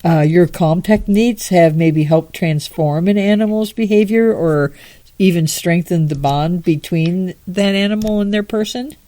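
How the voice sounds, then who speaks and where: Brief: woman interview host, lowish voice, friendly and encouraging. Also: unhurried, mellow. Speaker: podcast host. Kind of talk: casual interview.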